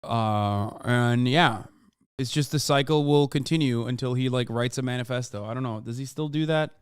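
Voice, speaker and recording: Smooth-voiced man ranting on a livestream. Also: medium pitch, normal speed, dry recording, studio quality. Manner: heated, ranting, mocking. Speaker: streamer reacting to clips. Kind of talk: casual profane livestream commentary.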